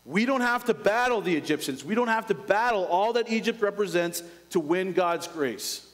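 A male pastor preaching a sermon, dropping to a hush and then rising with urgency. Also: high voice, animated, moderate pace, in a large hall, poor audio. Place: church.

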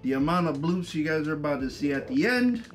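A man's voice: on the high side, lively intonation, fairly quick, soft background music. A young man co-hosting a reaction video, bantering and teasing his partner with frequent laughs. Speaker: co-host of a reaction channel. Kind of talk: casual reaction chat.

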